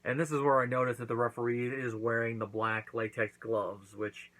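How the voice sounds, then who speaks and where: A man's voice: mid-range voice, level tone, normal speed, fairly bright tone, poor audio. A man hosting his own channel, casually recapping and reviewing a wrestling event, acting out quotes as he goes. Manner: chatty recap with acted-out quotes.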